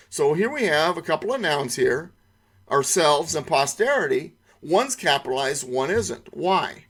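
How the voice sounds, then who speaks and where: Man, middle-aged, online class instructor, emphatic, repeats words, slightly higher voice. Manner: emphatic, repeats key words, rhetorical questions. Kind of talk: online lesson lecture.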